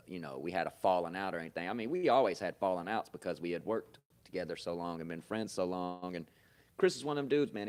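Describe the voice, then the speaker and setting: Profane storytelling podcast man. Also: low voice. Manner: loose, swearing, laughs often, animated bursts. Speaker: podcast host. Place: comedy club.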